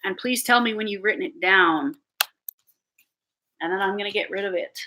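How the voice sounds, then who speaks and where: A Canadian woman doing a live tarot reading, chatty and halting, often repeating her words as she talks to viewers. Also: medium pitch, sharp tone. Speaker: tarot reader.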